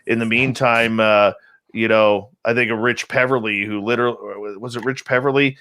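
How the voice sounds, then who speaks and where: A man hosting a radio roundtable, telling stories in an animated way with emphatic repeats. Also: medium pitch, moderate pace, dry recording. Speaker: radio show host. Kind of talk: casual roundtable chat.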